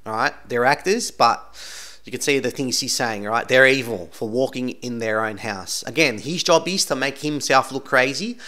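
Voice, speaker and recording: A man's voice: mid-range voice, normal speed, pushed and bright. A man talking through video clips in casual commentary, insistent and rambling, tagging almost every sentence with "right?". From Australia. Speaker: channel host commenting on videos.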